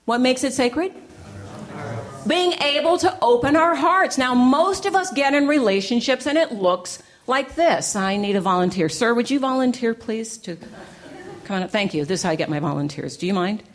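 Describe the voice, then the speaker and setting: A woman giving a lively talk to a church gathering, telling stories with playful, punchy repetition and plenty of animation. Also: on the high side, moderate pace. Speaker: inspirational speaker. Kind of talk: storytelling talk to a live audience.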